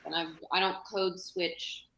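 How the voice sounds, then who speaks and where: A woman's voice: lowish voice, little pitch movement, unhurried, sharp tone, reverberant, slight background noise, poor audio. A woman guesting on a casual podcast, frank and outspoken, swearing freely. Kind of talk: casual group podcast chat.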